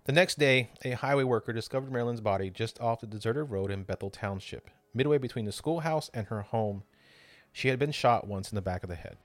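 A man's voice: medium pitch, a little fast, dry recording. A man hosting a podcast, narrating a true crime story with drama and casual swearing. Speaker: podcast host.

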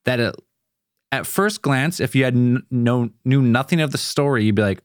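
A man's voice: medium pitch, normal speed, no room sound, studio quality. A man chatting casually about a film, rambling with many fillers as he retells a story. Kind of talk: casual chat reviewing a film.

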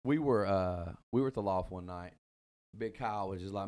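A man's voice: low-pitched, normal speed, darkish tone. A man hosting a casual chat, telling a long rambling story full of asides and fillers.

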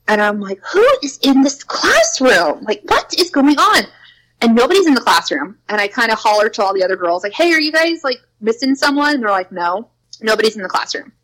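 Young woman, casual ghost-story chat, mid-range voice, animated quoted bits. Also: medium pitch, low-quality recording. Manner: chatty, lots of "like", acts out quotes with a raised voice. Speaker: preschool worker telling ghost stories.

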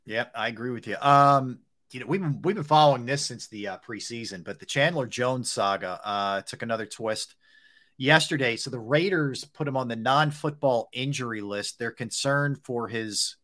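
A man's voice: medium pitch, normal speed, fairly bright tone. Stat-reciting male sports talk co-host. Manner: conversational, rattles off stats, many fillers. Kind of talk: casual sports radio chat.

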